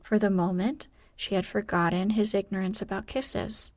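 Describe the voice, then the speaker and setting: A woman narrating a sleep story in a gentle, hushed, breathy reading. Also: mid-range voice, fairly even intonation, moderate pace, dry recording.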